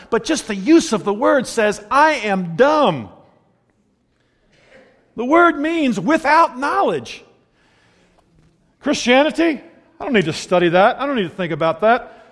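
A male pastor delivers a sermon with lively, swooping inflection. He slips into mocking voices to act out the people he quotes and breaks into laughter often. The sound carries a long reverb, as if recorded in a large hall. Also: very high voice.

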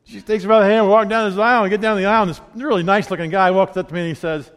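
A man giving a sermon, telling his own testimony, dropping to a hush and then rising loud. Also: high-pitched, steady tone, racing. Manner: storytelling, swings between hushed and loud. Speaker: preacher. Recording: long hall reverb.

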